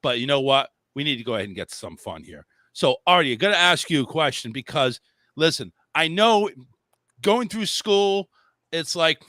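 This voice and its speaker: Bright-voiced male talk show host. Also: on the high side, sing-song, moderate pace, no echo. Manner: affirming, reads out guest intro. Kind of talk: casual talk show hosting.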